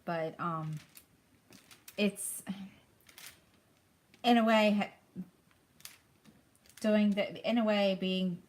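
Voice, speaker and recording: A middle-aged woman chatting casually with viewers while crafting at home, rambling softly and thinking aloud with lots of fillers. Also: medium pitch, drawn-out words, pauses often. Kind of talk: casual chat while diamond painting.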